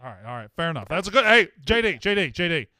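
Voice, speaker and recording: A man's voice: high-pitched, sing-song, fast, bright, forceful tone. A man hosting a casual sports talk show, rambling, joking and swearing as he talks with a caller. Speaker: host.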